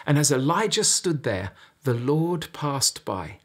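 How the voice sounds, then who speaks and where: A man's voice: medium pitch, very animated, takes it slowly. A man preaching a sermon in a conversational storytelling manner, speaking directly to his listeners.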